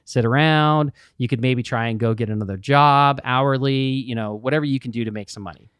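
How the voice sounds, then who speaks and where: Brief: male podcast co-host, mid pitch, storytelling manner, dry close mic. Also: a little fast, smooth, no room sound. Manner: storytelling, animated retelling of quotes. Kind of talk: casual business podcast chat.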